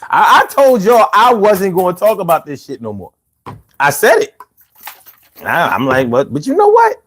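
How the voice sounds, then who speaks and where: A man's voice: sits high, huge pitch swings, moderate pace, fairly bright tone. A man hosting a livestream podcast, chatting casually and reading viewer comments with loose, profane banter.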